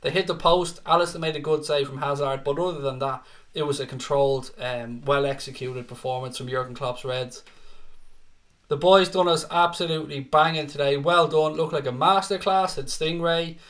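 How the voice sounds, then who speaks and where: Male fan-channel host, slightly high voice, loose and sweary, reading chat live. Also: fairly even intonation, normal speed, fairly bright tone. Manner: brash bantering, swears freely; reads out chat messages and answers them. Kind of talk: casual live match-reaction stream. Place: home setup with no other audio.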